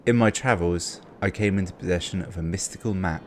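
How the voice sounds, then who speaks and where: A man's voice: low voice, brisk, a little hiss or hum, lightly acted. A man reading aloud a polite letter from a princess in his own voice.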